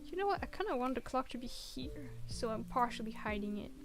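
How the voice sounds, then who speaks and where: High-pitched girl streaming, soft chatty voice, a little music playing quietly behind. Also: animated, a little fast. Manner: soft-spoken, reads chat aloud, encouraging. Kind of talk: casual chat while working.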